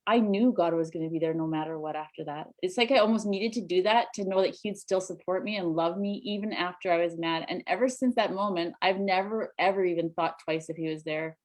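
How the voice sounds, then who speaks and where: A woman's voice: on the low side, fairly quick, few pauses, a little mellow. A woman hosting a podcast, speaking in a heartfelt, reflective way. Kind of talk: casual podcast conversation.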